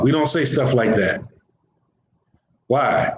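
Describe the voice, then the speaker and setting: Here the teacher's voice sits a little high, and he talks at a measured pace with frequent pauses. He is a man giving an informal Islamic lesson conversationally, repeating phrases in everyday slang, recorded with roomy echo and faint hiss.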